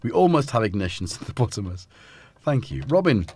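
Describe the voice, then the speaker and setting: A man's voice: mid-range voice, very animated, fast talker, a little mellow, husky, dry recording. A man hosting a casual live stream, talking in a rambling, self-interrupting way while he fits synth modules into a case. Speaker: host.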